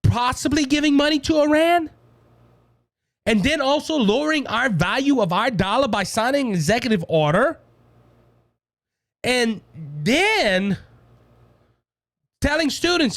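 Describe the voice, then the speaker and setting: A fired-up Cajun man hosting a political talk show. His pitch sits high and swings widely as he preaches to his listeners. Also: sing-song, moderate pace, pauses often, no echo. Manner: fired-up, preachy, keeps saying "ladies and gentlemen".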